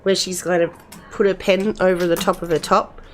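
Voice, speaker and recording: A woman's voice: on the low side, little pitch movement, moderate pace, slight background noise. A middle-aged woman, chatting casually with her live-stream viewers in a rambling way, full of restarts.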